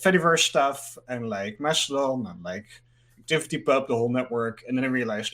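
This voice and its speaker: A man's voice: medium pitch, expressive, normal speed, fairly bright tone. A man from the Netherlands, a guest in a casual interview, rambling and filling his talk with "like.". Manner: rambling, fills speech with "like", laughs easily.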